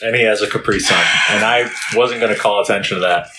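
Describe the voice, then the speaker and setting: A man's voice: on the low side, steady tone, fast, background noise. A man co-hosting a podcast in casual chat, with a dry, teasing humor. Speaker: podcast co-host.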